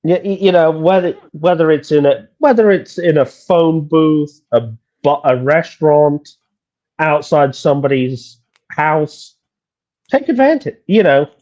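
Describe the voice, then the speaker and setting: A man's voice: fairly high pitch, expressive, unhurried, a little mellow, muffled recording. A man co-hosting a casual book-talk podcast, talking animatedly with stumbling restarts. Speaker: podcast co-host. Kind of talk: casual chat.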